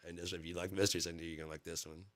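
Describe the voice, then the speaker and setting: Casual male host, very low voice, dry close sound, loose profane rambling. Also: flat delivery, rapid-fire, fairly bright tone, no room sound. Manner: profane, rambling, lots of fillers and repeats. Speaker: channel host.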